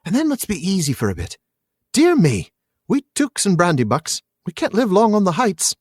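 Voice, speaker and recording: A man's voice: high voice, huge pitch swings, normal speed, breathy edge, dry recording, clean studio sound, pitched above the performer's own voice, exaggerated voice. A man voicing a cheerful, teasing young male hobbit as he reads aloud from a novel. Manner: playful, bantering.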